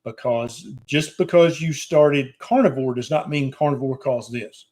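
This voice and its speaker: Male doctor host, mid-pitched voice, reads questions aloud and gives straight, reassuring answers in a casual live-chat style. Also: measured pace, darkish tone. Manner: plain-spoken, direct, reassuring advice. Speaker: doctor hosting a live Q&A show.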